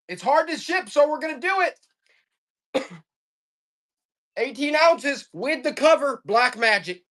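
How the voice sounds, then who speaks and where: A woman selling items on a live stream auction in fast, joking, hyped-up sales patter, coughing now and then. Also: sits high, expressive, fairly bright tone. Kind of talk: casual live selling banter.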